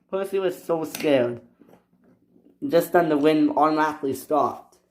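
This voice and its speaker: A man casually narrating a homemade toy train story in a plain, halting way, with frequent restarts. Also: a little high, a little mellow. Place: indoors at a toy train layout.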